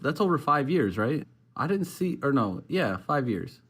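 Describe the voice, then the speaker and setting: A man's voice: mid-range voice, sing-song, normal speed, slightly rough. A man co-hosting a casual sports podcast, rambling with many restarts. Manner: rambling, self-interrupting, laughs along. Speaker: podcast co-host.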